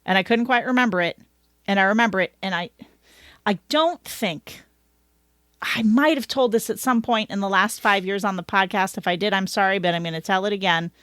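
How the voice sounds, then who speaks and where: A woman's voice: mid-range voice, a bit bright, no room sound. Chatty rambling woman podcast host. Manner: chatty, rambling, quick to laugh. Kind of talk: casual chat.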